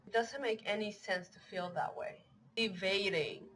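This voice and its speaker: A woman's voice: medium pitch, moderate pace, fairly bright tone, rough recording. A young adult woman giving an earnest talk on emotional health, running through long lists of example phrases. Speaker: online wellness teacher. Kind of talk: talking-head educational talk.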